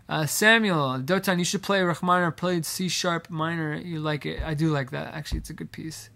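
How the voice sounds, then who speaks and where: A man's voice: a little high, fairly even intonation, fairly quick, creaky, few pauses, bright, forceful tone. A man live-streaming from his home studio, chatting casually at the piano and reading out viewer comments. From Massachusetts.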